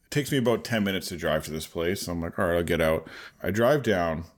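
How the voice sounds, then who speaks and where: A man's voice: low-pitched, lively intonation, fairly quick. A man in his thirties, a podcast co-host, telling a story in casual chat and laughing often.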